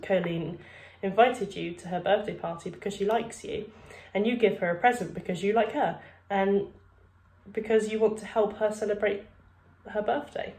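A woman voicing a gentle, reassuring counselor. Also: mid-range voice, normal speed, roomy sound, natural voice. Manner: calm, reassuring. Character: kind, gentle female school counselor.

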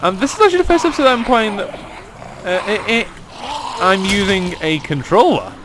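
A man's voice: high voice, sing-song, normal speed, background noise. A man giving crude, sarcastic, joking commentary while playing a game. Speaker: let's play gamer. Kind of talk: casual gaming commentary.

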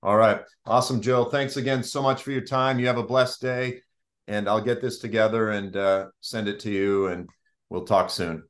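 A man from the Boston area hosting a casual ministry interview, earnest and soft-spoken. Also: lowish voice, steady tone, moderate pace. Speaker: host.

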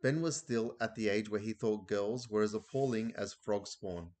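A man's voice: lowish voice, normal speed, a little mellow. A man reading a children's book aloud in a casual way, with occasional slips and restarts. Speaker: reader.

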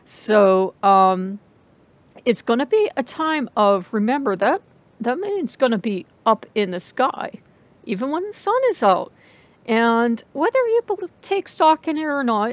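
Gravelly-voiced woman chatting casually on a vlog. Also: mid-range voice. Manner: chatty, rambling, laughs often. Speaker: pagan vlogger. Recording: dull lo-fi recording.

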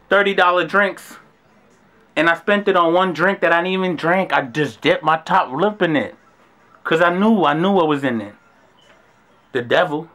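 A young man telling a travel story in a brash, animated storytime monologue, swearing freely and acting out the dialogue. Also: fairly high pitch. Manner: brash, profane, acts out dialogue with rising outbursts.

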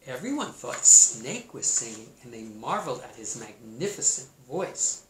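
A man, a teacher, reading a storybook aloud in a playful, expressive way and adding his own comments on the story. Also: medium pitch, normal speed, a little hiss or hum. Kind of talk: storybook read-aloud with asides. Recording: roomy echo.

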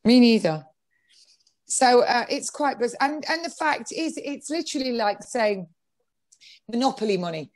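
Exasperated woman, animated and sarcastic. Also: a little high, moderate pace, long pauses. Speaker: interview guest. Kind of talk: political interview.

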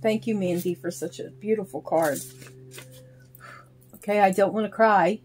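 A woman casually talking through opening a package in a chatty, halting way, counting things aloud. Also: medium pitch, a little mellow, slight background noise. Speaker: reborn doll vlogger. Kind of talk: casual unboxing vlog.

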